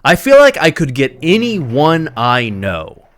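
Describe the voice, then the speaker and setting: Animated man commenting on gameplay. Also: fairly high pitch, slow, dry recording. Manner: animated, mocking, laughing commentary. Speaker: game streamer.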